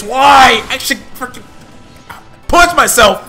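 A hoarse young man reacting live on his channel, excitable, shouting and swearing as he comments. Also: very high-pitched, measured pace, faint music behind. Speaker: video host reacting live.

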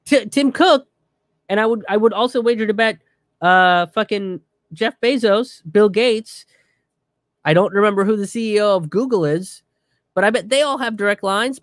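A man rants in a casual, profane commentary, his voice sitting a little high for a man. He is animated and swears freely, recorded dry and close. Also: dry recording.

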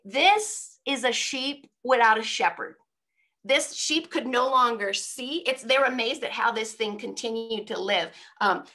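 Bright chatty woman preaching. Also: on the high side. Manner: chatty and informal, with frequent rhetorical asides. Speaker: speaker at a women's day church event. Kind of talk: conversational sermon. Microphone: speaking on a video call.

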